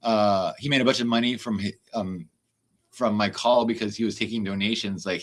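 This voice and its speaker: A man's voice: fairly low pitch, steady tone, a bit bright. A man hosting a livestream, ranting in a casual, heated way with lots of swearing and exasperated asides. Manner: profane, fast-shifting, exasperated. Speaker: livestream host.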